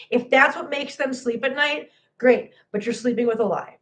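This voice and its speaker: A woman's voice: fairly high pitch, moderate pace, few pauses. Woman, cat channel host, tearful, emphatic, impassioned, repeats herself, livestream chat.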